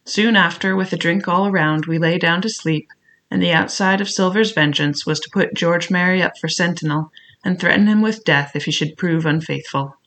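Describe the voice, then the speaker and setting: A man narrating a classic adventure novel in a measured, reflective first-person telling. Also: sits high, a bit bright. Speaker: audiobook narrator.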